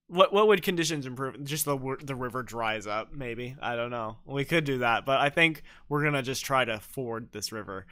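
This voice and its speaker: A man's voice: mid-range voice, moderate pace, hardly any pauses, bright, forceful tone. A young man livestreaming a game, chatting playfully and telling jokey stories with silly voices. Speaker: streamer. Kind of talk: livestream gameplay chat.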